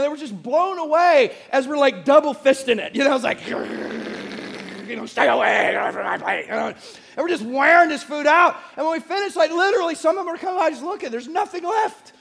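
A man preaches to his church. He tells a funny story loudly, punching some lines with a shout, then goes soft and low for scripture. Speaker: pastor. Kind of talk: sermon with humorous storytelling.

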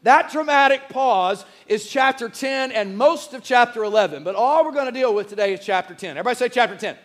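A man preaching a sermon as pastor, his voice hoarse and squeaky from shouting, leading the congregation in energetic call-and-response. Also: a little fast. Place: church sanctuary.

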